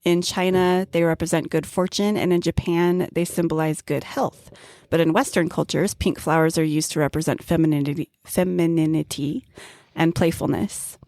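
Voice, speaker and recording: A woman with a low, gravelly voice co-hosts a casual podcast chat. She teases her co-host and reads from her notes, and the sound is dry and close. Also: fairly even intonation, normal speed, darkish tone, no room sound. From grew up near Mount Graham, Arizona. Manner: teasing, reads out notes on flower meanings.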